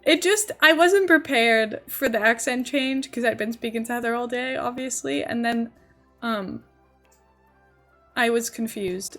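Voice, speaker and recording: Chatty young woman streamer, slightly high. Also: measured pace, a bit bright, soft background music. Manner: rambling, chatty, thinks aloud. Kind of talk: casual livestream chat while building in a game.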